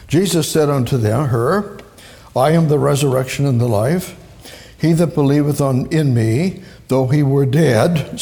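A man's voice: medium pitch, creaky, darkish tone. A man preaching a sermon, rambling and emphatic, often repeating himself for stress. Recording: echoey hall with long reverb.

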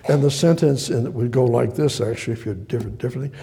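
A man's voice: medium pitch, brisk, gravelly, mellow. A man preaching verse by verse from the Bible, reading passages aloud and then explaining them, sometimes acting out the speakers. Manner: reads scripture then explains, acting out voices.

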